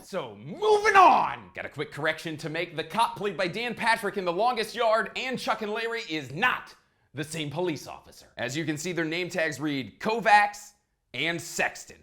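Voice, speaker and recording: A man narrating a video essay in an energetic, emphatic way with quick asides. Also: fairly high pitch. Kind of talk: scripted narration.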